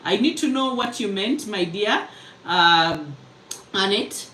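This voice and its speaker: A woman coaching a live mentorship session, talking fast and emphatically and reading out comments. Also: mid-range voice, animated, pushed and bright, reverberant, distant mic, slight background noise, poor audio. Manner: fast, emphatic, chatty, laughs easily. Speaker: mentor and public speaking coach.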